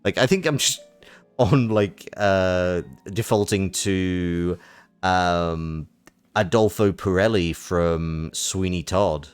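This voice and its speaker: A man's voice: low-pitched, slow pace, smooth, faint music behind. A man streaming a game, rambling in a self-mocking way as he comments on it.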